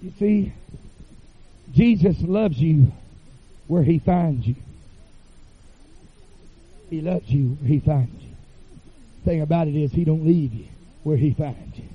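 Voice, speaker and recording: A man preaching a revival sermon in a church, chanting phrases with "uh" fillers and rising to shouts. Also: fairly high pitch, slow, pauses often, breathy edge, narrow, tinny audio.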